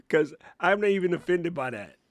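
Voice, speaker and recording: Co-hosting a podcast about tech and creators, a middle-aged man chats casually, laughs, and explains each step in turn. His voice sits a little high, with lively intonation and an unhurried pace, captured at studio quality without echo.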